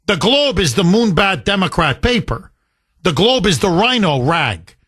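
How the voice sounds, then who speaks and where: Heard in dry, studio-quality audio, this man has a high-pitched, sing-song, fairly bright voice with a breathy edge and an unhurried delivery. Hosting talk radio, he delivers an opinionated monologue and fields callers, sarcastic and emphatic as he mimics opponents in sing-song tones.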